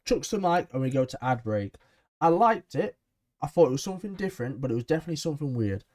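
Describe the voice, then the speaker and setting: Mellow-voiced man giving an enthusiastic recap. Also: fairly high pitch, big pitch swings, fast. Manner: chatty, enthusiastic, frequent ums. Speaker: wrestling show reviewer. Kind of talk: casual episode recap.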